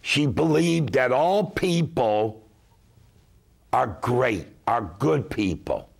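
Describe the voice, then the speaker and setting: A middle-aged man tells his stories slowly and emphatically. His voice is gravelly and a little husky, and his pitch swings widely as he talks. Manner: slow, emphatic, lively storyteller. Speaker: guest, consumer advocate. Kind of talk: storytelling talk-show chat.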